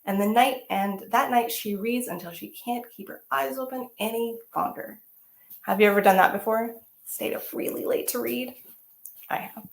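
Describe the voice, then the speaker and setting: A woman teaching artist reads a picture book aloud to children, animated and exclamatory and often asking them questions. Her voice is a little high with some vocal fry, at a moderate pace in an echoey room.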